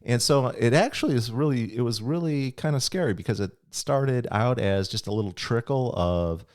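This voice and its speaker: A man's voice: mid-range voice, moderate pace, darkish tone. A middle-aged man hosting a podcast, talking in a casual, reflective, rambling way with restarts and chuckles. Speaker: podcast host.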